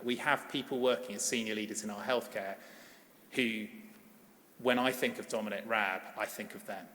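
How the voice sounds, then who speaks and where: A man's voice: fairly low pitch, fairly bright tone, slight background noise. A middle-aged man, a paediatrician, giving a conference plenary in an earnest, emphatic way and urging the audience to act. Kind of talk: conference keynote speech. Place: large conference hall. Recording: long hall reverb.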